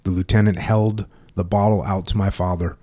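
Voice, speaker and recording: A man hosting a podcast, reading book passages aloud at a steady measured pace and chatting with his guest. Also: deep voice. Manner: reads book passages steadily, then brief listening murmurs. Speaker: podcast host.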